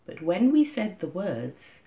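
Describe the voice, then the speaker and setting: A woman's voice: fairly low pitch, very animated, mellow. Woman reading a church reflection. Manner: measured, storytelling delivery. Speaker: church reader. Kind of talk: scripted first-person reflection reading. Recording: dull lo-fi recording.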